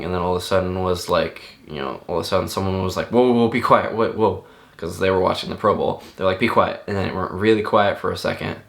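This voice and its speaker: A young man with a very low voice and a gravelly fry tells a personal memory off the cuff. He talks in an earnest, halting way, often stopping and restarting his sentences. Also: a bit bright. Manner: halting, many restarts and fillers; stunned, earnest. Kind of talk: personal recollection, unscripted.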